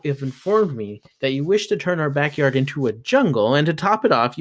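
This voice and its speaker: A man's voice: medium pitch, close to an everyday voice. Fed up mom lecturing her kid, read by a guy, clipped and firm. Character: exasperated mother scolding her daughter.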